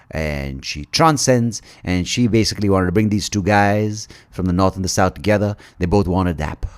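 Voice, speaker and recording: A man from India hosting a podcast, riffing through an irreverent, rambling comic monologue. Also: sits low. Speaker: podcast host. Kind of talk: comedic monologue.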